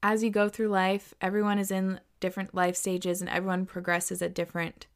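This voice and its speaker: A woman's voice: medium pitch, completely flat delivery, fairly quick. A young woman in her twenties hosting a podcast, giving casual, candid advice in a chatty way, full of "like" and the odd swear word. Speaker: podcast host.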